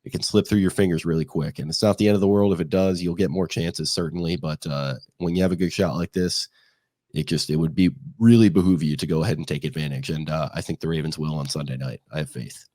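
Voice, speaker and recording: A hoarse man co-hosting a casual sports podcast, speaking in a laid-back, rambling way. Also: rumbling low, fairly even intonation, fast talker, dark tone, no room sound, studio quality. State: hoarse from the season. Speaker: podcast co-host.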